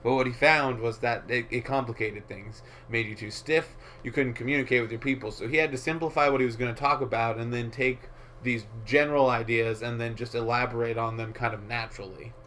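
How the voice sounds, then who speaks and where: A man's voice: medium pitch, fairly even intonation, fairly quick, fairly bright tone, a little hiss or hum. A man co-hosting a podcast in casual chat, rambling and explaining his points with many fillers. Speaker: podcast co-host.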